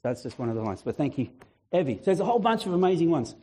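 A male pastor preaching a lively sermon, acting out voices and chatting with the congregation. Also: a little high, racing. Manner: animated, acts out biblical voices, chatty asides; fluent, breaks into a shout.

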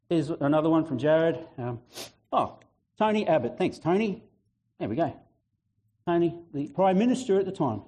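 Man preaching, animated, acts out voices; higher, mellow tone. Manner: animated, acts out biblical voices, chatty asides; fluent, breaks into a shout. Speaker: pastor. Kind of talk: sermon.

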